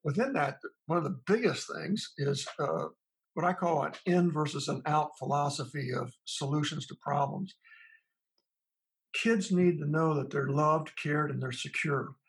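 A man's voice: on the high side, measured pace, husky, low-quality recording. A man, a psychologist, answering in an interview, retelling his talks with parents in a conversational way. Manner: recounts parent dialogues, thinking aloud with restarts. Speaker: psychologist guest.

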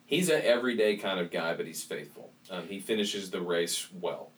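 A man's voice: sits low, normal speed, a bit bright, distant mic. A man hosting a podcast conversation, thoughtful, reading scripture aloud and reflecting on it.

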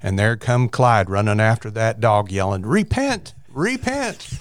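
Low-voiced pastor telling folksy stories. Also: male voice, moderate pace, clean tone, no room sound. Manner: relaxed, folksy anecdotes. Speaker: pastor and podcast guest. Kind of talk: casual storytelling chat. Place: studio.

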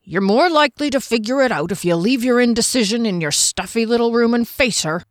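A woman voicing a gruff, blunt male dwarf who speaks plainly. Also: on the high side, animated, fairly quick, no echo, clean studio sound, pitched above the performer's own voice, lightly acted. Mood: insistent.

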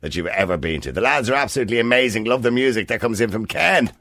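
A man hosting a radio show and chatting quickly with his studio guests. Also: medium pitch, expressive, a bit bright. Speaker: radio host.

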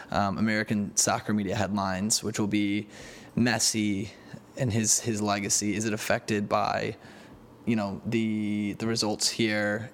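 A man hosting a casual soccer podcast, talking in a halting way with many fillers and restarts. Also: on the low side. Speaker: podcast host. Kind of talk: casual sports chat.

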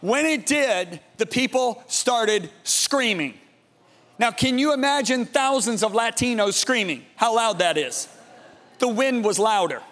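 A man preaching a sermon, telling a story dramatically and dropping to a hushed, awed tone. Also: extremely high pitch, animated, measured pace, big-room sound. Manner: dramatic, swings from loud emphasis to hushed awe.

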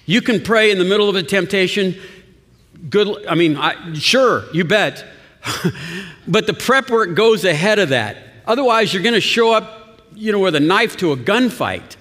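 A man's voice: sits high, very animated, unhurried, fairly bright tone. A man preaching a sermon as pastor, talking in a conversational way with chuckles and restarts. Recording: long reverb of a church hall.

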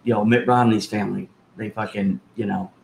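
Gravelly man cracking sarcastic jokes. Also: lowish voice, fairly even intonation, a little fast, slight background noise, rough recording. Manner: sarcastic, profane wisecracks. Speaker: podcast co-host. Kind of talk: casual chat.

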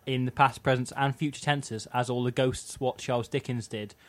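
A man's voice: mid-range voice, fairly even intonation, normal speed. Rambling podcast co-host, man. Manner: rambling, reads out contact details. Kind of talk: casual comedy chat.

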